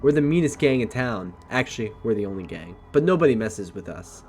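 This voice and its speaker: Brash young gang girl, boastful and casual, read by a man in a plain, flat voice with a middling pitch. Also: a little fast, a little hiss or hum, lightly acted. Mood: casual bragging. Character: tough young female gang member, brash.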